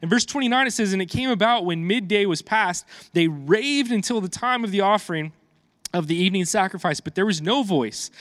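A man's voice: sits high, a bit bright, dry recording. Chatty man preaching with a dry sound. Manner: conversational, chatty asides to the congregation, frequent restarts and fillers. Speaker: pastor. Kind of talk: casual sermon with scripture reading.

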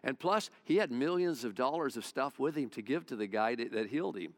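A man's voice: medium pitch, animated, fairly quick. A male pastor preaching a sermon, retelling a Bible story in a folksy, conversational way.

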